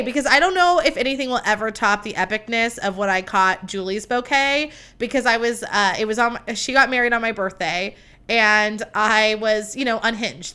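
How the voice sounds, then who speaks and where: A woman's voice: medium pitch, pushed and bright, clean tone. A young woman from the United States hosting a podcast in a casual, chatty way, swearing freely, peppering her talk with likes and poking fun at herself. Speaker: podcast host. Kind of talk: casual chat.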